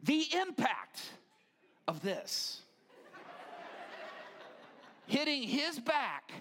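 Animated male pastor telling a story. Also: very high voice, drawn-out words, slight background noise. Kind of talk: sermon storytelling.

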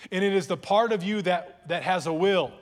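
A man preaching in church, his speaking voice sitting a bit higher than most men's. He talks in a loose, conversational way, often restarting phrases and teasing the congregation. The sound rings with the long reverb of a big room. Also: moderate pace. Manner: conversational preaching with repeated words and audience jokes. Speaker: pastor. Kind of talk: sermon. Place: church hall.

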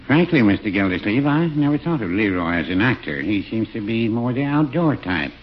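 Hesitant small-town druggist; low, mild, lively lilt. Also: male voice, fairly quick. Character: timid middle-aged male druggist, hesitant. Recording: dull old radio recording, faint hiss.

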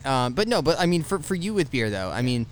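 A male podcast host with a lively, animated pitch who trades teasing banter and asks questions. His voice sits in a middle register, with faint noise under it. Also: fairly quick. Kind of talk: casual chat.

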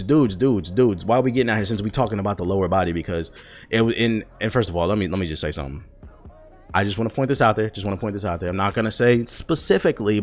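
Low-voiced man on a profane rant. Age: adult. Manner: loud, profane, scolding, emphatic repetition. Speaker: vlogger.

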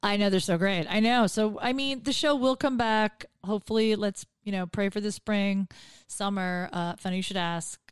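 A woman's voice: mid-range voice, moderate pace, clear, resonant tone, no room sound, studio quality. A woman comedian telling stories in a casual podcast chat, acting out the people she quotes. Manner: animated storytelling, acts out quotes. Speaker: comedian guest.

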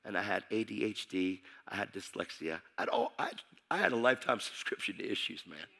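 Man, middle-aged, preacher, testimony sermon, intense, bright tense voice. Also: fairly low pitch, lively intonation, fairly quick, creaky. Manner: intense, storytelling, acts out dialogue with shouts.

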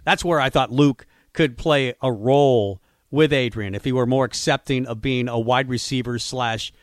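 A man's voice: medium pitch, moderate pace, no echo, clean studio sound. A man co-hosting a sports radio show, talking through football strategy in a casual, musing way with frequent fillers.

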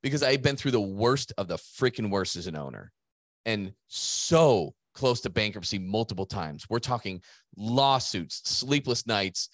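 A man's voice: fairly low pitch, expressive, measured pace, dry recording, clean studio sound. A middle-aged man co-hosting a business podcast, talking in an emphatic, motivational way and swearing casually. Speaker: podcast co-host, gym business coach.

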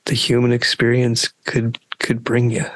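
A man's voice: mid-range voice, monotone, moderate pace, a bit bright. Man in crude, joking podcast banter. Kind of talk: casual podcast chat.

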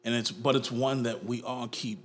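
A man co-hosting a podcast, talking casually and getting animated, with playful put-on voices. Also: mid-range voice, moderate pace, slight background noise. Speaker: podcast co-host. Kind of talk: casual chat.

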